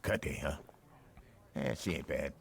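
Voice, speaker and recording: An actor playing a gruff, sarcastic male hero in a video game, talking bluntly. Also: very deep voice, measured pace, a bit bright, full character voice.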